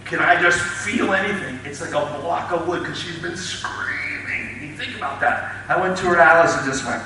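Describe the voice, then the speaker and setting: A middle-aged man, a chiropractor, speaking to an audience and telling patient stories with lively, acted-out moments and frequent laughs. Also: on the high side, moderate pace, recorded from a distance. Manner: animated storyteller, acts out scenes, laughs often. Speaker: chiropractor giving a talk. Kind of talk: storytelling talk to an audience. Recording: echoey hall, speaker off mic, faint noise.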